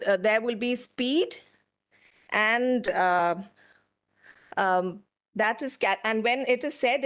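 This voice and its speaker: A woman giving a lecture to an audience, explaining slowly and putting questions to the room. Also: medium pitch.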